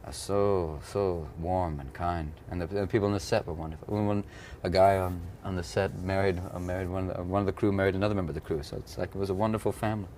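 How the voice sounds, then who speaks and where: An American actor in his thirties speaks fast with hardly any pauses, his low voice steady in tone and a little mellow. He rambles playfully through a press junket interview, often doing comic voices, with a little hiss or hum in the background.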